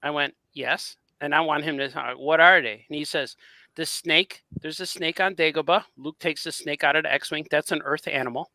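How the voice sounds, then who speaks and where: A man on a podcast telling a long story with animated energy, acting out both sides of a conversation. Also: on the high side, a little fast, no room sound. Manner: animated storyteller, acts out quoted dialogue. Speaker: podcast host. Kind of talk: casual chat, storytelling.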